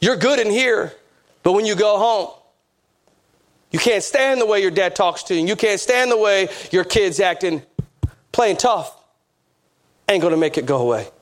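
A pastor preaching a sermon with emphatic, repetitive phrasing. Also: male voice, high voice, normal speed, pauses often.

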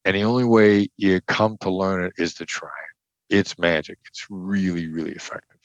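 The highs are cut off in this recording of a low-voiced older man from the Midwest who once negotiated hostage situations. At a moderate pace and with fairly even intonation, he bluntly explains his techniques in an interview, hammering home key points by repeating them.

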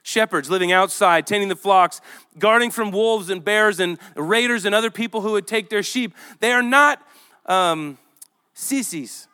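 A male pastor preaching a sermon in an animated, conversational way, reading scripture aloud to a church with children present. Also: sits high, normal speed, clear, resonant tone.

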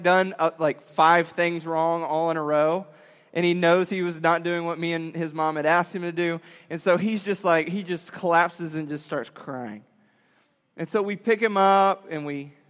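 A man, a father, telling a story to young listeners in an animated way, acting out quotes and laughing often. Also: fairly high pitch, clean tone, in a large hall. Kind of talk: storytelling talk.

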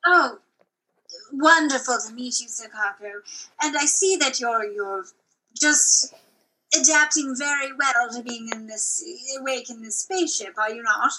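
High, bright-voiced woman improvising. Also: moderate pace, poor audio. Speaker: comedy improviser playing a ship captain. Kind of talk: improvised comedy scene.

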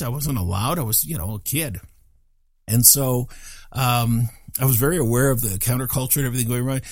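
An older man telling a personal story in an animated, self-deprecating way, with chuckling asides. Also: medium pitch, no room sound, studio quality.

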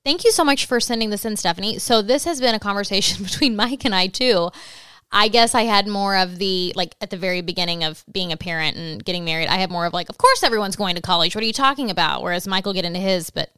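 Bright, clear-voiced woman co-host. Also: mid-range voice, quick pace, no echo, studio quality. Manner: chatty, candid parenting talk. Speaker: podcast co-host. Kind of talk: casual chat.

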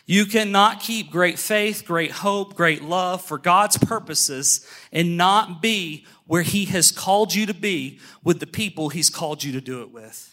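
A man preaching a sermon, emphatic, calling the congregation to look at him and say amen, slowing on key phrases and speeding through asides. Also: high voice, bright, forceful tone. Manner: emphatic, calls for amens and attention; shifts between brisk asides and slow stressed phrases. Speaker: pastor.

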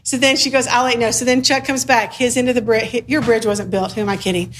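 Casting: woman preacher, slightly high voice, chatty and joking, faint hiss behind. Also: fairly even intonation, fast. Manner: conversational and humorous, acts out dialogue. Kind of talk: sermon.

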